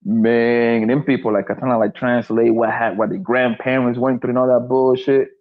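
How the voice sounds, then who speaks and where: A man's voice: medium pitch, normal speed. A man in a casual talk show chat, rambling and swearing freely. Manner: rambling, profane, animated. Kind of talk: casual banter. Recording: dull, muffled mic.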